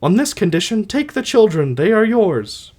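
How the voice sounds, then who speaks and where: A dying young queen speaks her farewells in a soaring falsetto, tender and resigned, well above a man's own register, as a male audiobook reader puts her on. The voice is pushed up high and is noticeably louder than his narration. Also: sing-song, moderate pace. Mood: tender, fading. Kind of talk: amateur audiobook reading.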